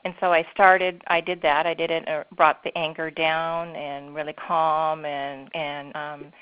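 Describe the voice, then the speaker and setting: Woman calling in, lively storyteller, slightly low voice, muffled lo-fi sound. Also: unhurried, clean tone. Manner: animated, acts out her inner dialogue. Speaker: caller. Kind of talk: personal sharing on a call. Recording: dull lo-fi line.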